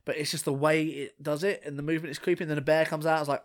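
A man co-hosting a casual podcast chat, talking animatedly and restarting his sentences as he gets excited. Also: a little high, fast talker, hardly any pauses. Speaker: podcast co-host.

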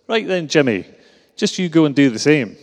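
A man's voice: a little high, sing-song, moderate pace, pitched above the performer's own voice. Glaswegian Jesus, homely and down-to-earth, voiced by a man, echoing hall. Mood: friendly. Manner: broad, homely storytelling. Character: Jesus as a plain-spoken Glasgow man. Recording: reverberant hall.

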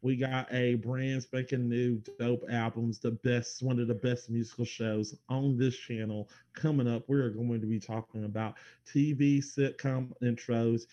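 A man's voice: mid-range voice, flat delivery, normal speed, few pauses, mellow, dull audio. A man co-hosting a podcast, rambling through show plugs in loose casual chat, laughing and swearing now and then. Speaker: podcast co-host doing plugs.

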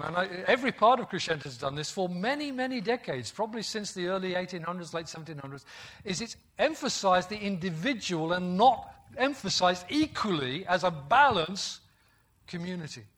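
High-voiced preacher. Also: male voice, a bit bright. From West Midlands, England. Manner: emphatic, repeats key phrases, asks the congregation questions. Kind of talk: sermon.

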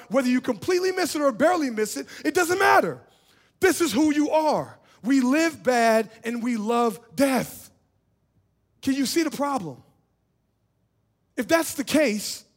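A man preaching a sermon as pastor, with sudden swings between shouting and hushed lines, repeating his phrases and laughing in bursts. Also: extremely high pitch.

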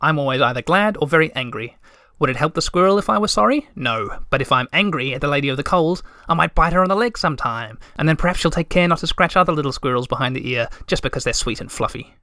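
A man's voice: on the high side, expressive, quick pace, hardly any pauses, sharp tone, no echo, clean studio sound. A man doing a blunt, cheeky little girl creature.

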